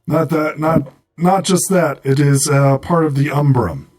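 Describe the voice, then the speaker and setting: A man's voice: a little high, unhurried, darkish tone, a little hiss or hum. A man narrating a tabletop game as game master, hesitant and full of fillers.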